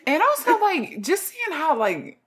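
A woman's voice: very high-pitched, sing-song, unhurried, fairly bright tone. A young woman in her twenties, co-hosting a casual chat, joking and candid with blunt slang. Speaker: podcast co-host.

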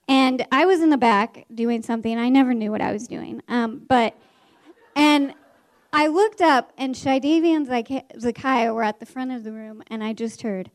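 A woman teacher telling a story from her classroom to an audience, animated and laughing, with many restarts. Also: a little high, normal speed. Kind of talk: stage storytelling.

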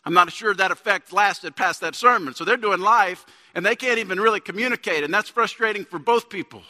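In a church sanctuary, a pastor in his thirties preaches in a relaxed, conversational way that builds to emphatic peaks. His high voice is crisp and bright, his delivery brisk, and the hall's long reverb lingers after every phrase.

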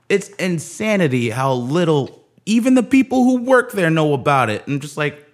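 A man's voice: fairly high pitch, very animated, normal speed. A man telling a sarcastic, profane story in a casual rant, full of asides. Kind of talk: casual ranting monologue.

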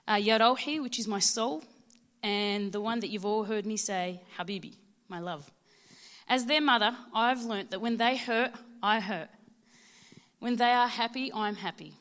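A woman in her thirties with an Australian accent, giving a prepared personal testimony at church in a heartfelt, measured way. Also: medium pitch, a bit bright. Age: 30s.

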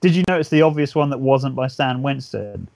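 An animated man talking through a film, piling up restarts and casual swearing as the ideas come. His voice sits in the middle register and sounds close and dry, with no room echo. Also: mid-range voice, fairly quick, vocal fry. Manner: enthusiastic, swears often, rambling restarts. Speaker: podcast co-host. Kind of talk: casual film review chat.

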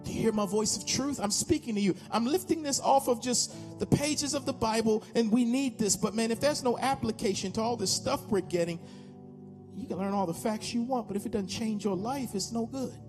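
With music playing underneath, a pastor in his fifties speaks fairly quickly in a very high voice. The American preacher issues an altar call during a passionate sermon in the church sanctuary, urging listeners over and over.

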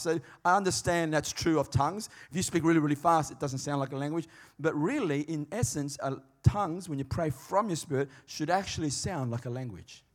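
A man preaching a sermon in a conversational, emphatic way, swinging between quiet and loud. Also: fairly high pitch, fairly quick, few pauses. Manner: conversational, emphatic, varied dynamics.

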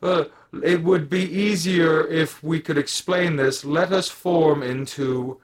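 A man voicing calm, floating brains in jars from the far future, speaking slowly and formally. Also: fairly high pitch, crowd noise.

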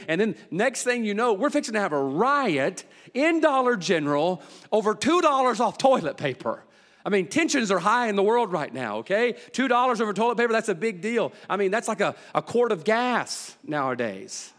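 Brief: a fairly high-voiced pastor, folksy and funny, moving from animated storytelling to quiet, low emphasis, recorded with a long reverb tail. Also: male voice, brisk. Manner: swings from loud excited storytelling to low hushed emphasis; folksy, humorous, colloquial. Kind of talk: sermon with storytelling.

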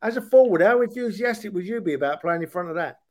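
A man's voice: high voice, lively intonation, quick pace. A man on a football podcast call who argues his point with long rhetorical questions. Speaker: podcast co-host. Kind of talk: casual football chat.

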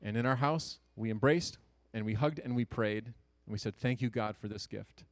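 A man's voice: mid-range voice, no echo. Male storyteller, thirties, earnest and conversational, mid-range voice, dry close sound. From Ohio, USA. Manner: earnest, conversational, with quick jokes and hushed asides. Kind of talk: personal story told to an audience.

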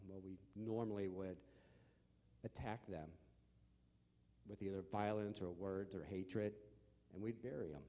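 A man from the American Midwest giving a personal testimony in an earnest, measured way. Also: on the low side, mellow. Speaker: guest sharing testimony. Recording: echoey hall with long reverb.

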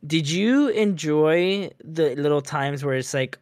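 A man's voice: a little high, expressive, slow, a little mellow, no room sound, clean studio sound. A man chatting casually about a video game, laid-back, swearing casually and mimicking characters. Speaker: podcast co-host.

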